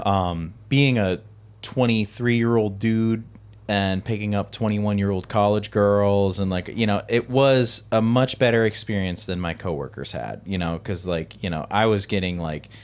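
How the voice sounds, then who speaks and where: A man's voice: lowish voice, measured pace. A man hosting a podcast in casual chat, telling easygoing stories full of filler words. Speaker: podcast host.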